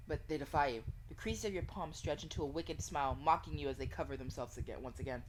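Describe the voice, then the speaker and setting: A woman reading a visual novel aloud during a playthrough, emotional and expressive, reacting with swearing. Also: deep voice, fairly quick, slight background noise.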